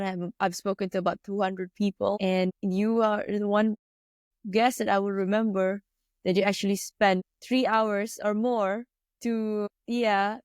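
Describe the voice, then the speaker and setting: A woman's voice: mid-range voice, dry recording, clean studio sound. Effusive woman hosting a podcast. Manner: effusive and affirming, inspirational sign-off. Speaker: podcast host. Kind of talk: closing a podcast interview.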